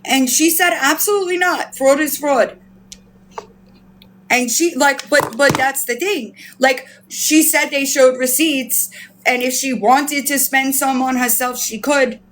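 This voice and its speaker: A woman's voice: sits high, fairly even intonation, a little slow, fairly bright tone, slight background noise. A woman hosting a live stream, ranting in outrage and disbelief, swearing often and repeating herself while she answers her chat. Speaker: livestream host. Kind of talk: heated live-stream commentary.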